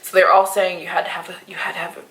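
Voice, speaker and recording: A woman's voice: lowish voice, rapid-fire, roomy sound, poor audio. A young woman from the United States telling a rambling storytime vlog, full of fillers and quoted asides. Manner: animated, rambling retelling with many fillers and acted quotes. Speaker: vlogger.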